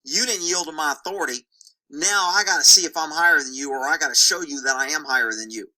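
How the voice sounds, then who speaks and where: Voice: medium pitch, expressive, moderate pace, pushed and bright, rough recording. A horse trainer voicing a stubborn male horse that talks back in blunt, taunting slang. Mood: challenging.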